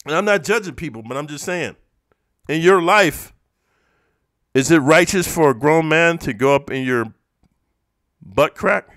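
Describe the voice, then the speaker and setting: A man from the eastern United States ranting at his viewers in a profane, confrontational monologue that swings between low muttering and loud outbursts. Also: lively intonation, a little slow, long pauses, no room sound, studio quality. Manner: profane, confrontational, says "bro" constantly. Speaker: YouTuber reacting to comments.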